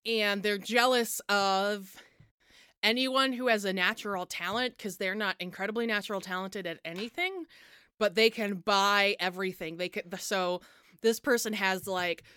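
A woman's voice: medium pitch, moderate pace, smooth, no echo, studio quality. A woman co-hosting a tabletop role-play podcast, talking playfully with stumbling restarts and bursts of yipping. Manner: playful, loud animal noises, stumbling restarts. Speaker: podcast co-host and player.

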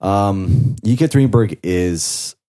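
A man from the Chicago area, a guest on a podcast, chatting casually with relaxed, matter-of-fact answers. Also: deep voice, takes it slowly. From United States, Chicago area.

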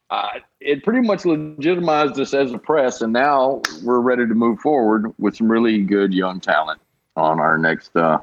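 A relaxed man speaking as a guest on a podcast, loose and profane in his storytelling. His voice sits at an everyday middle pitch. The audio is dull and lo-fi. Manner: laid-back, swears, laughs while telling stories. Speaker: podcast guest, small press founder. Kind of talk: casual chat. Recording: dull lo-fi sound.

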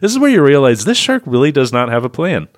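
A man's voice: mid-range voice, quick pace, dry recording, clean studio sound. Sarcastic man recapping a movie. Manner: sarcastic, animated storytelling. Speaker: podcast co-host. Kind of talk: casual movie review chat.

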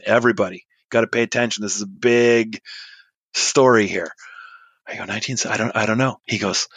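A man's voice: lowish voice, brisk, slightly rough, no echo. Chatty man in his forties telling a story. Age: 40s. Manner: animated, chatty, acts out quoted dialogue. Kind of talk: storytelling monologue.

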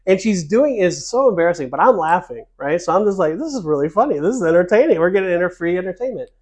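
Man, podcast co-host, slightly higher voice, animated storyteller, chuckles mid-sentence. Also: fast talker. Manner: animated storyteller, laughs while telling. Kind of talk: casual chat. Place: cruise ship.

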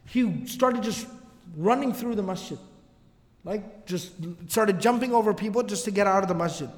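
A man giving a casual religious lecture, telling the story in an animated way with slangy asides. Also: sits high, normal speed. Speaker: religious teacher. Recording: long hall reverb.

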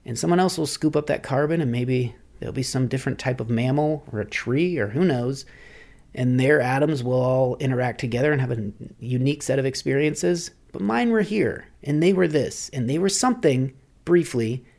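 A man's voice: mid-range voice, moderate pace, vocal fry, darkish tone. A man hosting a podcast, musing aloud in a rambling, philosophical solo monologue. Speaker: podcast host.

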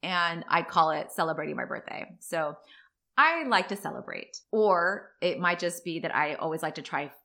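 A woman in her forties tells rambling personal stories in casual conversation. Her voice sits a little low but sounds bright and forward, and she leaps higher when something excites her. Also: moderate pace. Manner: chatty, rambling, with tangents.

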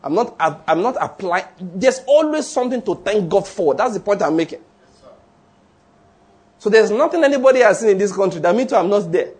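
A man preaching a sermon, chatting with his congregation, putting questions to them and reading scripture slowly and deliberately. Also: high voice, lively intonation, a little mellow, husky. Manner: conversational, asks the congregation questions.

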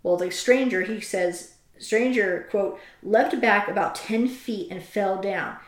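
A woman of middle pitch hosts a casual chat, retelling a story with lively energy and stopping to read passages aloud. Her voice carries a roomy echo. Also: takes it slowly. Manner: animated retelling, reads quotes aloud. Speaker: host.

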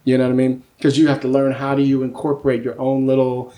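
A man who works as a screenwriter, talking casually as a podcast guest and telling animated stories about his work. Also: mid-range voice, fast talker. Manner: lively storyteller who acts out quoted voices; keeps asking "you know what I mean?".

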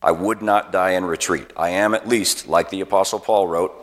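Man acting out resolute colonel, stern, clipped orders, low voice, echoey hall. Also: steady tone, moderate pace, natural voice. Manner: firm, clipped commands. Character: stern resolute male Civil War colonel.

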